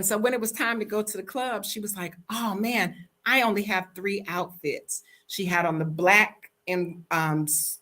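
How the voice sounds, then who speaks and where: An American woman telling a story in a casual storytime vlog, blunt and animated, acting out the quoted dialogue. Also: medium pitch.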